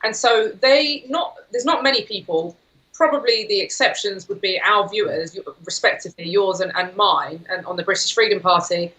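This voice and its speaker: A woman appearing as a guest on a talk show, speaking in an insistent, forceful and fluent way. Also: mid-range voice, normal speed, rough recording.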